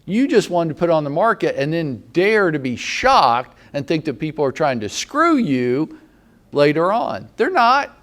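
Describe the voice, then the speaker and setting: Blunt, animated Southern man. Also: on the high side, measured pace. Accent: Southern American. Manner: blunt, sarcastic, mock-scolding. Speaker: real estate broker presenting to agents. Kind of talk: animated training talk.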